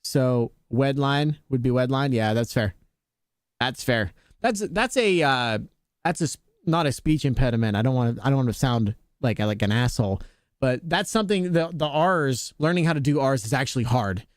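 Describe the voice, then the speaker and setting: A man's voice: lively intonation, normal speed, no echo, studio quality. A young adult man streaming a game, chatting casually with viewers in a laid-back, jokey way. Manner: laid-back, jokey, talks to chat, playful pitch jumps on jokes. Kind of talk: casual chat with live chat while gaming.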